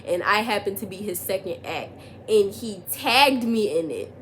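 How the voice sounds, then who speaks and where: A woman's voice: medium pitch, animated, normal speed, slight background noise. A young woman telling a personal story in a casual vlog, rambling with constant fillers and getting emphatic as she retells arguments. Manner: rambling, heavy use of "like", restarts. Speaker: vlogger.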